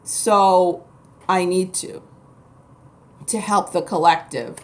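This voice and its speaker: A woman's voice: fairly low pitch, steady tone, slow. A woman from New York City, a spiritual vlogger who talks to camera in a blunt, emphatic, rambling way. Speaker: spiritual vlogger and Reiki practitioner. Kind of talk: casual rambling monologue to camera.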